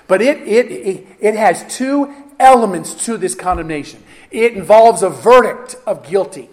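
A man preaching a sermon, emphatic and teaching, with frequent asides and quick self-corrections. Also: sits high.

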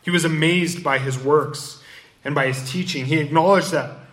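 A pastor with a slightly high, somewhat bright voice preaches an expository sermon at a normal pace. He quotes scripture verses, rereads them, and explains what they mean.

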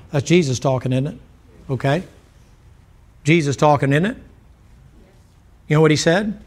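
A man preaching a sermon in a Southern American accent, his voice sitting a little higher than most men's. He talks in a folksy, blunt, fervent way and keeps throwing rhetorical questions at the congregation. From Southern United States.

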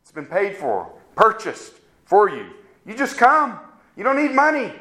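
Male preacher with a fairly high voice, delivering an earnest, pleading sermon. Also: huge pitch swings, measured pace, sharp tone. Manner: pleading, earnest appeals with rising questions.

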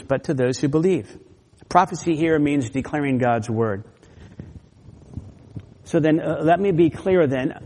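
Emphatic male preacher in a reverberant hall. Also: fairly high pitch. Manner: emphatic, rising loud on key points, repeats words. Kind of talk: expository sermon.

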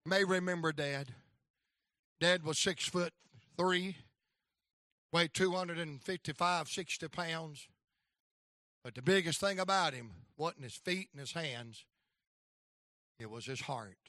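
A man preaching a folksy storytelling sermon with a North Carolina accent, rising now and then to shouts of praise. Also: fairly high pitch, measured pace, long pauses, dry recording, clean studio sound.

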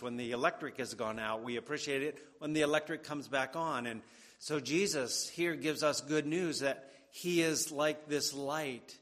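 A male preacher delivers a sermon at an unhurried, measured pace, leaning on repetition for emphasis. His voice sits at a middle pitch, and a long reverb from the church hall trails every phrase. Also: fairly bright tone. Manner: slow and deliberate, with emphatic repetition.

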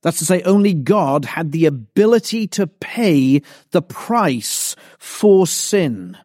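A male pastor delivering a sermon at an unhurried, measured pace, leaning hard on repeated phrases. His voice sits a little high for a man. The sound is dry and close, with almost no room around it. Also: big pitch swings, a little mellow, dry recording. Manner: slow, emphatic, deliberate preaching with repeated phrases.

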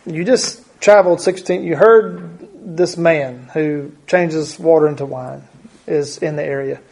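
A man's voice: on the high side, measured pace, vocal fry, darkish tone, a little hiss or hum. A man preaching a conversational Bible teaching, thinking aloud and often repeating his words.

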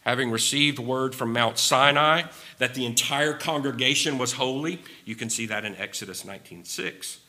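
A man's voice: mid-range voice, moderate pace, few pauses, pushed and bright. A man preaching a sermon with emphasis, repeating key phrases and sometimes wandering off his notes. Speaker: pastor.

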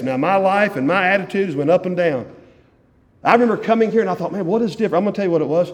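A man from Virginia, preaching a fervent evening sermon as pastor. He repeats key phrases and swings between loud and hushed lines. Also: high-pitched, fast. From West Virginia, USA. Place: church sanctuary. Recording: long church hall reverb.

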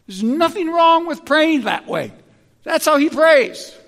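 Animated preacher with a gravelly edge. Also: male voice, extremely high pitch, unhurried, in a large hall. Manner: animated, emphatic preaching with frequent restarts. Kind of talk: sermon.

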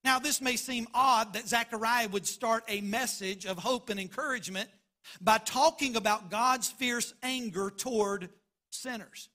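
A man's voice: very high voice, a little slow, bright, forceful tone. A man preaching a sermon as pastor, emphatic and driving points home by repeating phrases.

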